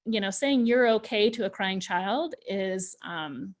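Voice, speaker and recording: A woman's voice: medium pitch, unhurried. Chatty woman giving a parenting workshop. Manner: chatty, full of fillers and restarts. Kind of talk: informal talk to parents.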